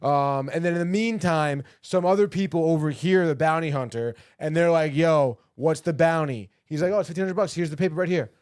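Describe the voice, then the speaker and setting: Brisk and with few pauses, a man with a fairly high, clean voice hosts a podcast recapping a TV episode. He's animated, voices the characters' quips as he goes, and swears frequently. The studio-quality audio has no echo.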